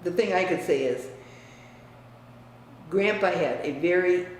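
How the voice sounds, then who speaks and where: An older woman from the US Midwest, reminiscing about her family in a frank, emphatic way that often drops quiet. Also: on the low side, a little slow. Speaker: interviewee. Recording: echoey room, distant mic, faint hiss.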